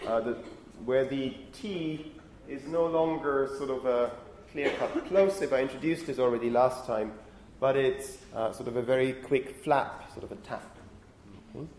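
A man's voice: mid-range voice, lively intonation, normal speed, a little mellow, roomy sound, a little hiss or hum. A male university lecturer explaining phonetics, often checking in with "okay?". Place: lecture hall.

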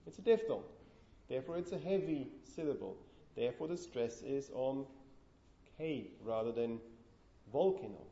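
A man's voice: medium pitch, animated, normal speed, vocal fry, dark tone, muffled recording. Man lecturing in an echoey room. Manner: explanatory, asks the class questions. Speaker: linguistics lecturer. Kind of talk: university lecture.

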